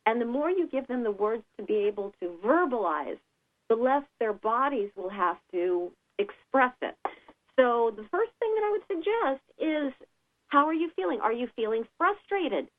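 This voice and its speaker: A woman giving calm, patient advice on children's feelings in a radio interview, sometimes acting out a child's words. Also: moderate pace. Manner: calm, explanatory, acts out children's lines in a higher voice. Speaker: guest expert on child behavior. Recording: tinny phone line.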